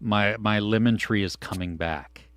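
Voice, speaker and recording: A man with a lowish voice co-hosts a casual live stream, reading out viewers' comments. He swings between excited, high outbursts and low, trailing mutters. The sound is dry and close to the mic. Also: a little slow, clean tone, dry recording. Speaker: podcast co-host reading live chat. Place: home studio.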